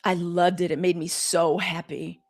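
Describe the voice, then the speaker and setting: A woman in hosting a live news show, talking straight to her viewers in a sassy, animated way. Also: lowish voice, moderate pace. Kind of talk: casual live-stream commentary.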